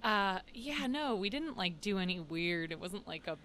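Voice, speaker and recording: A woman's voice: medium pitch, lively intonation, normal speed, a bit bright, slight background noise. A woman co-hosting a podcast, chatting casually and joking with a slight lisp. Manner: joking, laughs often. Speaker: podcast co-host. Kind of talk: casual chat.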